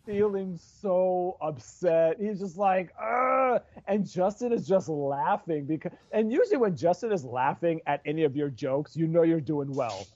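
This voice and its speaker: Mellow-voiced man telling a rambling story. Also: fairly high pitch, normal speed, hardly any pauses, no echo. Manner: rambling storyteller, many restarts. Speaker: stand-up comedian. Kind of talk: casual chat. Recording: dull dry lo-fi recording.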